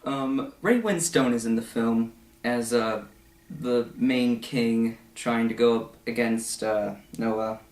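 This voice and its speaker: A young man talks through a film in a casual, rambling review, stacking fillers and side remarks. His voice sits at a middling pitch, and the room gives it a noticeable echo. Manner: rambling, full of fillers and asides, slips into quick mocking voices. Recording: echoey room.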